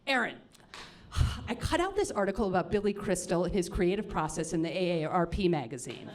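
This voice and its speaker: A woman playing her own fretful mother, who asks halting, prying questions and then changes the subject. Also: on the low side, very animated, pitched below the performer's own voice. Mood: deflecting. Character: fretful middle-aged mother, deflecting.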